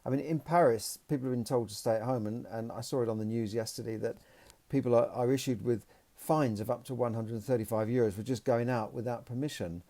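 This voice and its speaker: A man's voice: mid-range voice, steady tone, brisk, mellow. A man hosting a solo podcast, commenting in a rambling, opinionated way. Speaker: podcast host.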